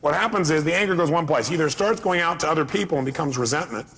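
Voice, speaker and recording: A man's voice: fairly high pitch, racing, a bit bright, breathy edge. A middle-aged man giving a live seminar talk as a motivational speaker, emphatic and firing rhetorical questions at the audience.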